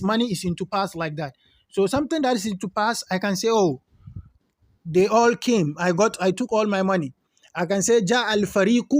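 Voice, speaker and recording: High-voiced man teaching grammar. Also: dry recording, studio quality. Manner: explains Arabic terms in English, repeats examples slowly. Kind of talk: classroom lesson.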